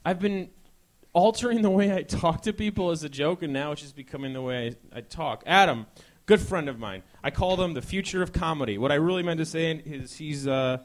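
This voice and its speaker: A young man in his twenties hosts a live talk show from a ballroom stage. His voice sits high for a man, and he talks in a rambling, excitable, self-mocking way. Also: brisk. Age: 20s. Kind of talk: live stand-up style talk show chat.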